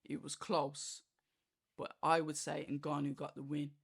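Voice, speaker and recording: This time the host is unhurried, with a level, gravelly, medium-pitched voice and a breathy edge. The casual fight review meanders, is heavy on "like" and "you know", and features acted-out quoted reactions.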